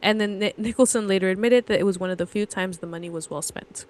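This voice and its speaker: A woman's voice: medium pitch, fast. Chatty woman podcaster. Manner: rambling storyteller, reads trivia aloud. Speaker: podcast co-host. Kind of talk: casual movie podcast chat.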